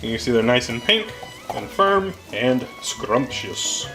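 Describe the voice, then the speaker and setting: A man hosting a casual cooking vlog in his home kitchen, with goofy, deadpan wordplay. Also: medium pitch, takes it slowly. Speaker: cooking show host. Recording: music playing underneath.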